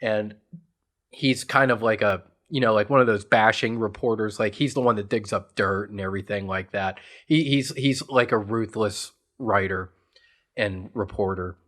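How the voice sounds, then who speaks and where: A man's voice: on the low side, moderate pace, fairly bright tone. A man from western Pennsylvania, a podcast co-host, eagerly recapping a film in a casual chat, rambling and leaning on lots of "like" fillers. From Pittsburgh area, USA. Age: adult parent. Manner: enthusiastic rambling storyteller with many "like" fillers.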